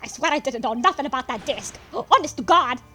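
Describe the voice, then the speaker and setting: A shifty, jittery lowlife witness, as a woman puts him on with a high, loud and wobbly voice. He stammers and protests in rough street grammar. His voice jumps all over the place. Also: expressive, a little fast, faint music behind. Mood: panicky. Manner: nervous, stammering, ungrammatical.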